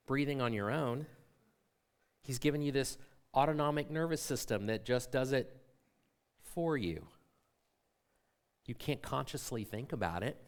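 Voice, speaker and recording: A man's voice: medium pitch, smooth. A middle-aged man preaching a sermon as a pastor in a church, conversational and full of rhetorical questions to the congregation. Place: church sanctuary.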